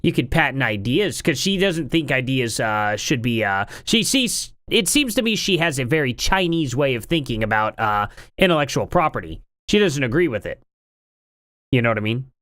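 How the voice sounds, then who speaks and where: Male streamer, casual commentary, rambling and incredulous, very animated pitch, dry close sound. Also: normal speed, no echo.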